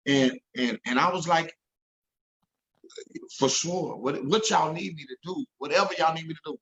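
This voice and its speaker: A man's voice: a little high, normal speed, a bit bright, highs cut off, slight background noise. A man telling an emotional story as an interview guest, earnest and repeating himself when moved.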